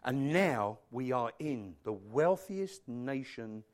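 A man's voice: mid-range voice, lively intonation, takes it slowly. A male pastor preaching a sermon in an impassioned, emphatic way, breaking off into self-deprecating asides.

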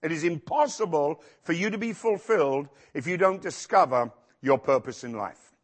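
A male pastor preaching a sermon in a church, acting out quotes with sudden shouts. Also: a little high, normal speed. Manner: animated, acts out quotes with shouts.

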